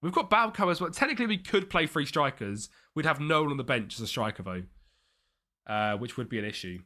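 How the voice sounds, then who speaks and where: A young man streaming live, chatting and thinking aloud over a football management game, with excited bursts at chances. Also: a little high, fairly quick. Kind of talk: live gameplay commentary.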